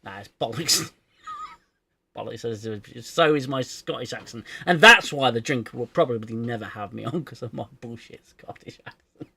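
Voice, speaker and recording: A man's voice: mid-range voice, moderate pace, vocal fry, sharp tone, husky, dry recording. A man hosting a casual livestream chat, hesitant and self-deprecating, often restarting his sentences. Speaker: livestream host.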